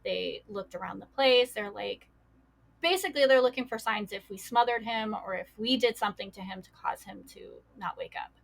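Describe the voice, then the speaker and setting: A woman's voice: mid-range voice, moderate pace, vocal fry. A woman guest recounting a painful personal loss in a casual, filler-heavy way. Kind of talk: personal storytelling.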